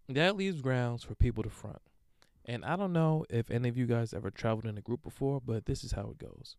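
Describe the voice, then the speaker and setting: A young man hosting a podcast, telling a story in a casual, profane monologue with lively swings into acted-out quotes. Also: mid-range voice, fairly quick, creaky, no echo, clean studio sound. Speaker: podcast host.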